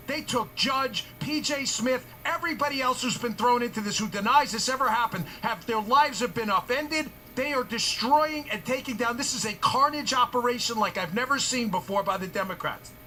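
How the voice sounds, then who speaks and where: A man's voice: high-pitched, sharp tone, a little hiss or hum. A male talk show host in his forties delivering a heated political monologue, hammering points with repeated rhetorical questions.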